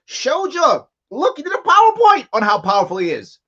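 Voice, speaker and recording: A man hosts a live commentary show, reacting to a press conference with mocking sarcasm. His pitch swings widely as he talks. The audio sounds dull and lo-fi. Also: huge pitch swings, moderate pace, bright, forceful tone. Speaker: host.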